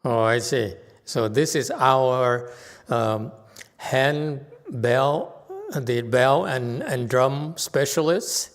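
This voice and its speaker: A male Buddhist teacher speaks slowly and haltingly, filling pauses with soft uhs and little chuckles. His mid-pitched voice carries a long reverb from the temple hall around him. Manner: halting, many fillers, chuckles to himself. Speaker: Buddhist teacher giving a Dharma talk. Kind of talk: informal Dharma talk narrating slides.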